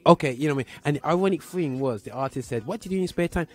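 A man's voice: a little high, expressive, rapid-fire, hardly any pauses, darkish tone. A man with a Birmingham accent hosting a gospel show, chatting casually in a rambling, slangy way that is full of filler phrases. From Birmingham, England. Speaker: show host.

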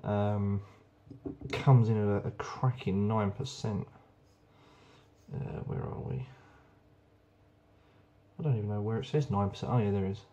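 A man's voice: lowish voice, measured pace, long pauses, dark tone, dull audio. A young man chatting casually and enthusiastically while reviewing beers, rambling with plenty of ums. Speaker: beer reviewer. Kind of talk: casual beer review vlog.

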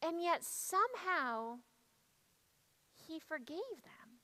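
A woman telling a church story as a first-person dramatic monologue, hushed and reflective. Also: very high-pitched, big pitch swings, slow, low-quality recording.

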